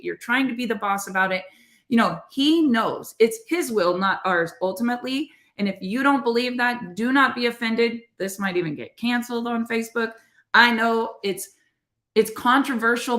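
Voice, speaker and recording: A woman's voice: fairly high pitch, a bit bright, roomy sound. A middle-aged woman co-hosting a podcast, giving an earnest, conversational motivational faith talk to her listeners. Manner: earnest, conversational, addresses listeners as "you guys". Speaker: podcast co-host.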